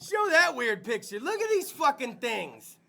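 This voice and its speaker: A rowdy, foul-mouthed podcast host with a very high voice and a sharp, bright edge. He talks in loose comic riffs and often breaks into shouts. There is a gravelly rasp underneath it all. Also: sing-song, unhurried. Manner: rowdy, profane, bursts into shouts. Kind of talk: loose comedic chat.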